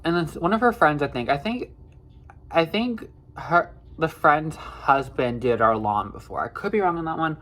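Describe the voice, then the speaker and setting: A man's voice: on the high side, expressive, moderate pace, fairly bright tone. Young male vlogger, rambling casual storytime, filler-heavy and profane.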